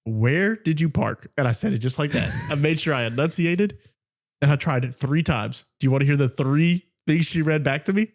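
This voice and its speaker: A man's voice: on the high side, a little fast. A young man co-hosting a podcast, telling stories in casual chat, often laughing and mimicking a voice assistant. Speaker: podcast co-host.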